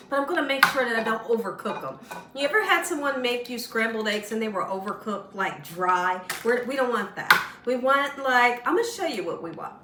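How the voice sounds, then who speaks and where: A woman hosting a casual cooking demonstration in her home kitchen, chatty and excitable. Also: on the high side, echoey room, heavy background noise. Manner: chatty and excitable, laughs while telling stories. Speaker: cooking channel host.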